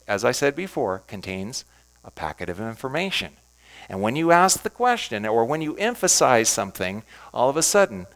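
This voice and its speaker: A man's voice: lowish voice, a bit bright. A man, a pastor, giving an emphatic teaching talk on reading scripture aloud, asking and answering his own questions.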